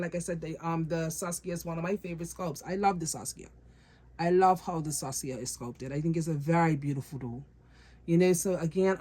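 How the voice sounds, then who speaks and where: A woman's voice: on the low side, mellow. A woman vlogger talking casually to her viewers about her doll collection, repeating phrases for emphasis and calling them guys.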